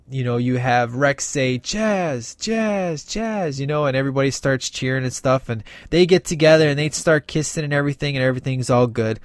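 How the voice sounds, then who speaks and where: Animated man recapping a movie, dry sound. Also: mid-range voice, no echo. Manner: animated retelling, acts out quoted dialogue, many fillers. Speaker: movie reviewer. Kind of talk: casual film recap.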